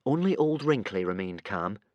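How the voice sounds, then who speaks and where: A man narrates a children's adventure audiobook. His delivery rises and falls in a lively, animated way. The sound is dry and close. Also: on the low side, moderate pace, no echo, muffled recording. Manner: lively, voices many characters. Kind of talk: expressive audiobook reading.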